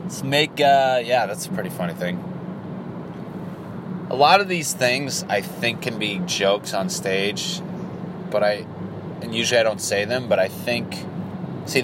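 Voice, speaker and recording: While driving, a comedian rambles through crude, profane jokes in a workshop-style monologue, laughing at his own material. His voice is on the low side and his pace measured. Road noise from the car sits behind him.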